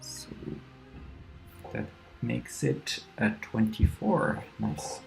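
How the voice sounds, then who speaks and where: A man's voice: mid-range voice, lively intonation, extremely slow, vocal fry. A man chatting as a player in a tabletop game, in an upbeat manner. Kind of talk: casual game chat. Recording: faint background music.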